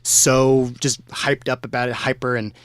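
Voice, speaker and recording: A man who plays music chats as a podcast guest, explaining ideas at length and getting enthusiastic as he rambles. His voice sits at a middle pitch. The recording is dry and close. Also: little pitch movement, a little slow, smooth, no room sound. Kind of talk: casual interview chat.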